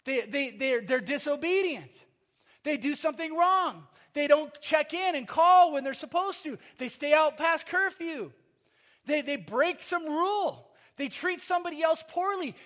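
A male pastor preaching in a strikingly high voice. He presses his points by repeating phrases and calling for amens. His delivery swings from loud insistence to quiet, hushed lines. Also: expressive, normal speed. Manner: emphatic, repeats phrases, calls for amen. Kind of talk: sermon.

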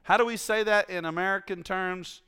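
A man's voice: high-pitched, steady tone, moderate pace, pushed and bright, clear, resonant tone. A male preacher giving a conversational sermon in a church, teasing his congregation and asking them questions.

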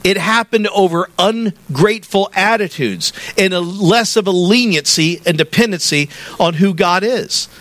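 A middle-aged man from the American South, a pastor preaching a conversational sermon in a church sanctuary, building to animated emphasis. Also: high voice, unhurried, no room sound.

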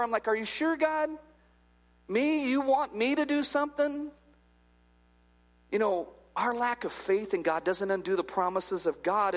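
A male pastor preaching a humorous, conversational sermon in a church, acting out little dialogues as he goes. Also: high-pitched. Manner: jokey, acts out little dialogues. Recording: long hall reverb.

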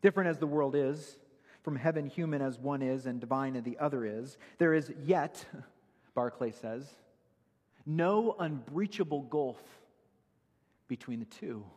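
A man's voice: medium pitch, unhurried, darkish tone, slightly rough, long reverb tail. A man preaching a sermon, earnest and emphatic, citing Bible verses as he explains them. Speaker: pastor.

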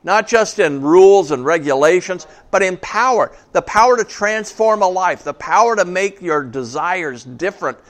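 A pastor preaching to his congregation, a man with a somewhat high voice. He talks in an easy, conversational way and asks the room questions. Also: lively intonation, normal speed, few pauses, fairly bright tone. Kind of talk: sermon. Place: church before a congregation.

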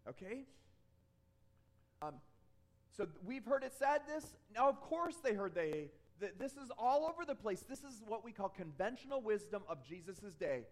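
A man's voice: high-pitched, sing-song, moderate pace. A man preaching a sermon in a conversational way, often checking in with the congregation and telling personal stories to make his points. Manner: conversational, checks in with frequent "okay?". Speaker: pastor.

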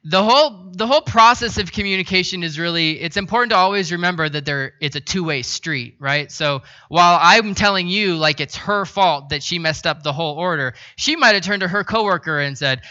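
A man preaching a sermon as a pastor, telling a self-deprecating story in a relaxed, conversational way. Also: high voice, a little fast, few pauses, lo-fi sound.

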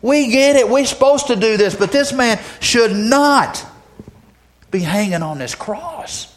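A repentant male criminal pleads with rising urgency, as a preacher acts him out. His voice climbs well above the preacher's usual pitch. The words come slowly and are pressed hard. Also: animated. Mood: pleading.

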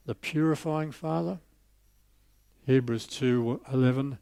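A man preaching a sermon, telling a story and lifting his voice on scripture before dropping soft on key lines. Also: medium pitch, expressive, normal speed, no room sound.

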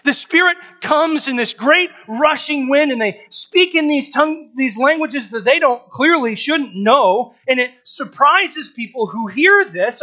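A man preaching a sermon with a high, bright, forceful voice. He talks conversationally and acts out the crowd's reactions. The recording is a little dull and lo-fi. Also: animated, normal speed, few pauses.

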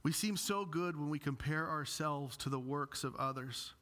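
Bright-voiced, animated male pastor preaching. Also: fairly high pitch, normal speed, hardly any pauses. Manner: animated storytelling with self-deprecating humor. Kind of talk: sermon.

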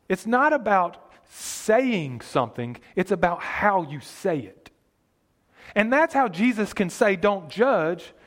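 A man preaching a sermon, earnest and emphatic, reading scripture aloud and explaining it plainly. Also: sits high.

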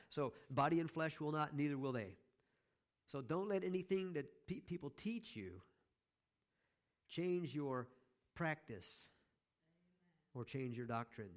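A man's voice: on the high side, animated, a little slow, pauses often. Joking male pastor preaching a sermon. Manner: conversational, joking asides to the congregation.

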